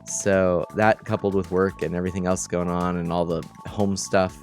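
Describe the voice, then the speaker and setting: A tired man casually chatting on a gaming stream, telling stories in a rambling, animated way and laughing often. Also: sits low, normal speed, faint music behind. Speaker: streamer and game host.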